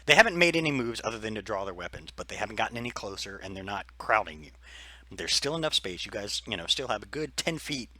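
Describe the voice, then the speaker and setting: A man's voice: lowish voice, sharp tone. A man running a tabletop game as game master, describing scenes in a loose, rambling way with many fillers.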